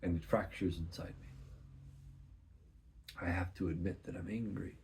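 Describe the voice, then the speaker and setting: A man in his thirties sharing a personal faith testimony in an earnest, searching way, often soft and hushed. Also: low voice, steady tone, moderate pace, background noise. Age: 30s.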